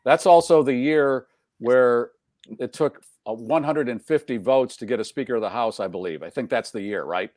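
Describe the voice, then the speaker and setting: A man's voice: mid-range voice, moderate pace, darkish tone, dry recording. Male host, jokey rambling chatter, dry close studio sound. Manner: jokey, rambling, laughs often. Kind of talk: casual chat.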